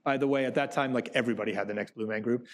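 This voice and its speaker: A man's voice: mid-range voice, rapid-fire. A man, a theater producer, giving a conversational talk to business students and acting out quotes as he tells anecdotes. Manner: animated storyteller who acts out quotes. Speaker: Broadway producer.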